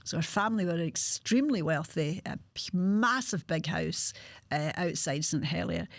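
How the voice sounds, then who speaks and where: A woman in her sixties with a Glasgow accent, hosting a podcast and telling her own life story frankly, with halting restarts. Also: lowish voice, no room sound. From Scotland. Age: 60s. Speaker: podcast host. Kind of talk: candid personal storytelling.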